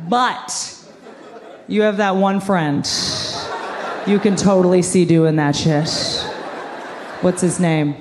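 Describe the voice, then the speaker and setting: A woman's voice: lowish voice, fairly even intonation, slow pace, pauses often, long reverb tail, crowd noise, noisy background. A woman in her thirties performing a sarcastic stand-up comedy set on a large theater stage before a live audience. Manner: sarcastic, wry storytelling.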